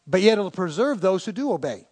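A man's voice: high voice, sing-song, fairly quick, a little mellow, slightly rough. A man preaching a sermon to a congregation, telling stories and asking the listeners to turn to their neighbors. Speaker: pastor.

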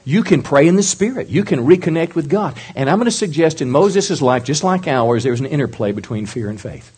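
A middle-aged male pastor preaching a sermon in a lively way, often asking the congregation questions. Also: on the high side, fairly quick, slightly rough.

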